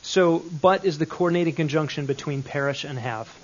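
A man's voice: fairly high pitch, brisk, lo-fi sound. A man teaching a Bible grammar lesson, explaining step by step and checking in with questions.

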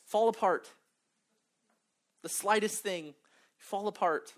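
A woman's voice: low-pitched, unhurried. A woman preaching a sermon, earnest and emphatic, with humorous asides.

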